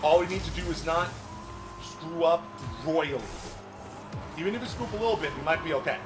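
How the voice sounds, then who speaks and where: A man streaming a racing game, commenting casually, swearing often and breaking into yelps and shouts. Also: fairly high pitch, brisk, music in the background. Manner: excitable, swears a lot, bursts into yelps and shouts. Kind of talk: live gameplay commentary. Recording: noisy game stream audio.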